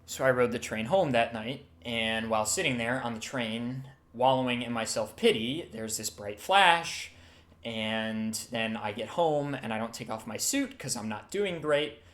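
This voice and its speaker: A man voicing a heartbroken man who tells of his lost love, halting and emotional. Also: medium pitch, a bit bright, lightly acted. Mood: mournful. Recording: roomy echo, faint music.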